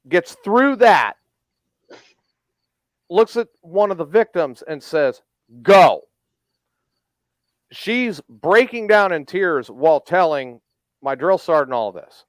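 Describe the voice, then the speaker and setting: A man's voice: high-pitched, animated, slow pace, long pauses, dry recording. A man telling a blunt, profane story in a casual chat, acting out the quoted lines of each person in it.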